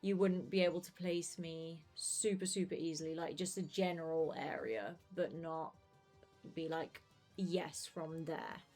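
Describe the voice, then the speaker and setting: A woman's voice: low voice, measured pace, a little mellow, soft background music. A woman with a neutral British accent chatting casually with her stream while she plays, rambling with many fillers and laughing easily. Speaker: game streamer. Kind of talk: casual chat while gaming.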